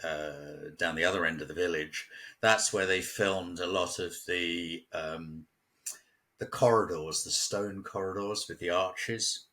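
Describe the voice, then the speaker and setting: Deep bright-voiced chatty Englishman. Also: fairly even intonation, a little slow. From England. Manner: chatty storyteller, laughs often. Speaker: local guest. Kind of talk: casual chat. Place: at home near a village.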